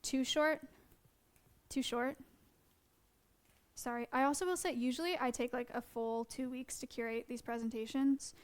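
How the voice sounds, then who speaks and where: A woman wildlife educator talking fast, with many fillers, in a casual live-stream presentation. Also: high voice, fairly even intonation.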